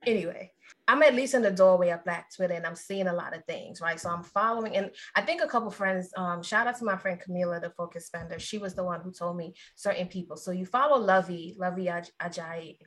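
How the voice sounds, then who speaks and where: A woman's voice: fairly low pitch, brisk, fairly bright tone. A woman co-hosting a podcast in casual chat, meandering and chatty, with asides to the listeners. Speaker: podcast co-host.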